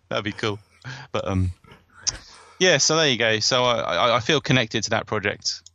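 A man's voice: mid-range voice, very animated, unhurried, sharp tone, dry recording, dull audio. A man hosting a podcast in casual chat, digressive and self-mocking, often laughing at himself. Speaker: podcast host and author.

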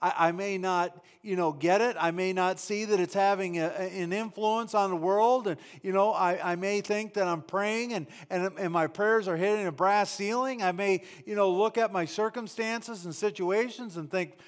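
A man's voice: sits high, steady tone, moderate pace, few pauses. A man preaching a sermon in a fervent, emphatic way, often restarting and repeating his words as he drives a point home.

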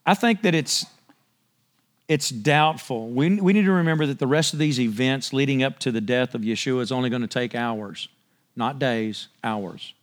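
A man giving a conversational Bible-teaching sermon, animated and storytelling, swinging his voice up and down as he acts out the scene. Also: mid-range voice, moderate pace.

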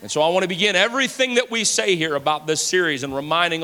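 A man's voice: a little high, fast talker, sharp tone, clean tone. A pastor in his forties preaching a sermon with passion, repeating phrases for emphasis. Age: 40s. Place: church sanctuary. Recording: long hall reverb.

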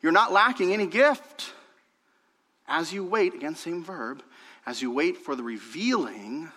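A man preaching a sermon as pastor, swinging between emphatic raised passages and quiet, hushed stretches. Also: a little high, animated, measured pace. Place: church sanctuary. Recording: long hall reverb.

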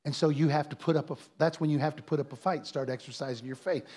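A male pastor preaches in answer to a question. His voice sits a little high for a man. He tells stories earnestly and rises to emphatic peaks. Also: steady tone, quick pace, a little mellow, breathy edge.

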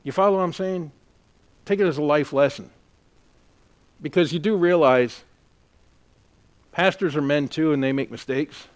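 A pastor delivers a sermon in an earnest, emphatic way, leaning on his own experience. His voice sits a little higher than most men's. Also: moderate pace, pauses often. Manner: earnest, emphatic preaching with personal storytelling.

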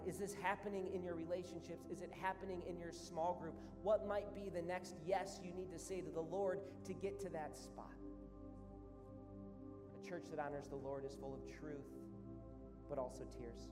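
A man's voice: sits high, fairly even intonation, normal speed. A man preaching an earnest, conversational sermon as pastor, building in intensity and closing in prayer. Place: church sanctuary. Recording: reverberant church hall with music.

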